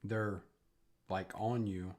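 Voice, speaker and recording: A man's voice: on the low side, steady tone, slow, darkish tone. A man narrating as game master of a tabletop game, hesitant, with many fillers.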